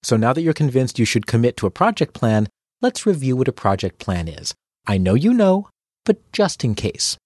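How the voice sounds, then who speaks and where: A man's voice: mid-range voice, sing-song, normal speed, darkish tone, no echo, studio quality. A man hosting a tips podcast, reading a script with playful, dramatic asides. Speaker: podcast host.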